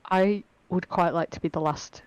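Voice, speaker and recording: A woman playing in a tabletop game, describing her character in a quiet, reflective way. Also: fairly low pitch, steady tone, normal speed, smooth, dry recording. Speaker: player. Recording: dry, dull lo-fi mic.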